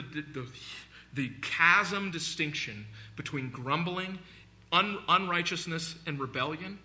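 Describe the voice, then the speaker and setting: Bright-voiced man preaching a sermon. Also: fairly high pitch. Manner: earnest, emphatic preaching with scripture reading. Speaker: pastor.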